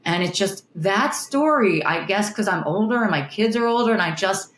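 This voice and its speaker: A woman's voice: mid-range voice, animated, normal speed, a bit bright, reverberant, a little hiss or hum. A middle-aged woman, a TV news reporter, telling stories earnestly and with feeling in an interview. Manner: earnest, emotional storytelling with restarts. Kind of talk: interview guest, candid conversation.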